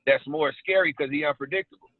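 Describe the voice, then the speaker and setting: A man's voice: on the high side, quick pace, dry recording. Man, casual slangy storyteller, thin phone-like sound, dry. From South Side Chicago. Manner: animated storytelling with street slang. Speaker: actor guest. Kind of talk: casual interview chat.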